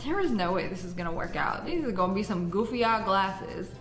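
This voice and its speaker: A woman's voice: mid-range voice, expressive, brisk. A woman doing an upbeat social media voice-over, bubbly and giggly, with exaggerated enthusiasm. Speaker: online video creator. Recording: echoey clip over background music.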